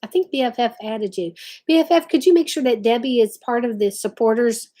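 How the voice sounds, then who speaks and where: A woman's voice: on the high side, fairly quick, mellow. A woman hosting a casual craft livestream from home, chatting and reading viewer comments aloud. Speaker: livestream host.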